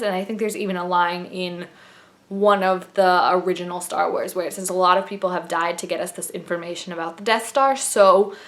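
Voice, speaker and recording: Gushing, chatty young woman vlogger. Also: medium pitch. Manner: chatty and gushing, many fillers and laughs. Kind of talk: casual trailer reaction vlog.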